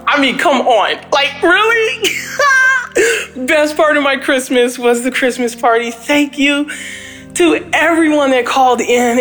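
A woman's voice: sits high, a bit bright. A woman calling in to a prayer line, out of breath and tearfully praising, with exuberant, emotional talk. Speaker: caller. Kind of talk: phoned-in prayer line message.

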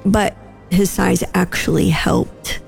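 A woman's voice: lowish voice, steady tone, slow pace, vocal fry, soft background music. A woman recounting a personal story in conversation, emotional and holding back tears.

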